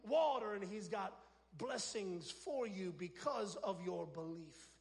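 A man preaching a sermon as pastor, energetic, swinging between loud shouted lines and soft drops. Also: high-pitched, slow pace, creaky, long reverb tail. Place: church sanctuary.

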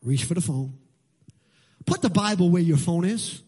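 A man preaching a sermon as pastor, building to shouted lines. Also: sits high, expressive, moderate pace, husky.

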